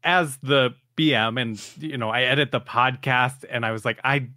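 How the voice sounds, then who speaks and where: Man, podcast guest, bright tone, dry sound, chatty and playful. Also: medium pitch, normal speed, dry recording. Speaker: podcast guest and game master. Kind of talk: casual podcast chat.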